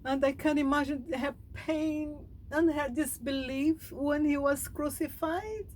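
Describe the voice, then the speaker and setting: Slow, high-voiced emotional woman speaker. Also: darkish tone, slight background noise, poor audio. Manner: halting, heartfelt, emotional. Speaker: spiritual speaker. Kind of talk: meditative reflection.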